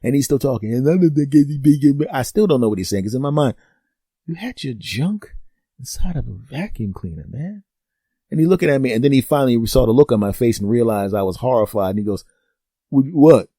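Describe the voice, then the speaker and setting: A man riffs through a solo podcast monologue, his voice leaping high and dropping low as he plays himself and his friend. The tone is mellow and dark, recorded dry and close with no room sound. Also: fairly quick, dry recording. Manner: animated storytelling, acting out both sides of conversations; profane, teasing. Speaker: podcast host.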